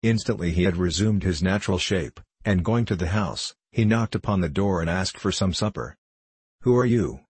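A man narrating a storybook aloud in a steady, measured reading. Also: deep voice, breathy edge, no room sound.

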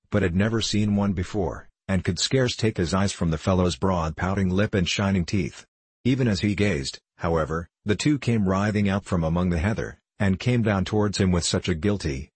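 A man reading a story aloud in measured, steady scripted narration, close to the mic. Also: deep voice, breathy edge, no echo. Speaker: audiobook narrator.

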